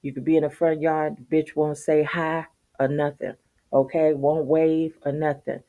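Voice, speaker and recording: A woman's voice: sits low, level tone, normal speed, phone-quality sound. A middle-aged woman telling a story to her channel in a blunt, profane rant, laughing often and tagging lines with "okay?". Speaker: vlogger.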